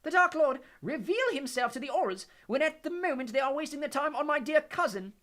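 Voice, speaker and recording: A man's voice: very high voice, animated, brisk, fairly bright tone, pitched above the performer's own voice. A man voicing a frenzied, cackling mad witch in an audiobook reading, shrieking her lines. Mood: manic.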